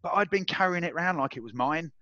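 A man being interviewed, telling a personal story in a casual, animated way and acting out the voices of others. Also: fairly high pitch, fast talker, no echo. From England. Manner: animated, acts out quoted voices, swears and laughs. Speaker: interview guest. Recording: dull, dry audio.

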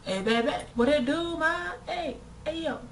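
A woman's voice: sits high, moderate pace, recorded from a distance, slight background noise, voice pushed up. Woman mimicking a pushy male street catcaller. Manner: loud, repetitive calling out.

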